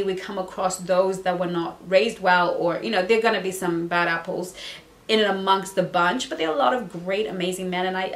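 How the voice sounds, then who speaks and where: A woman's voice: mid-range voice, fairly bright tone. Brief: woman dating coach from Southern Africa, emphatic and playful, roomy echo. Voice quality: emphatic, playful, repeats phrases for effect. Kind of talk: motivational advice video.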